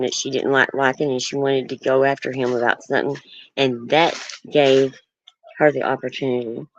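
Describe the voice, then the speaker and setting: A livestream host in casual talk, speaking earnestly and firmly about setting boundaries, halting often with ums and restarts. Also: medium pitch, dry recording. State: nervous. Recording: dull lo-fi stream audio.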